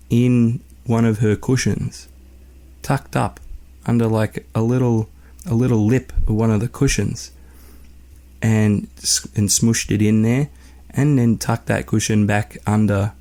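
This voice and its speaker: Gravelly young Australian man swearing freely. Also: lowish voice, a little mellow. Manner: profane, laid-back, rambling. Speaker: podcast host. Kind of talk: casual storytelling.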